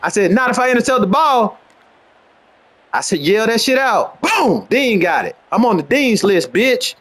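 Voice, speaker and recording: A man streaming a football video game, rambling in brash, boastful, profane commentary and trash talk, dropping to low mutters and then jumping into high outbursts. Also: big pitch swings, moderate pace, fairly bright tone. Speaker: gamer streaming gameplay.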